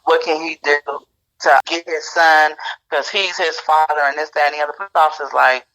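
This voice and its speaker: A woman's voice: low voice, fairly quick, poor audio. A woman as a guest, casually telling a personal story and acting out what each person said. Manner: acts out quoted dialogue in lively retelling.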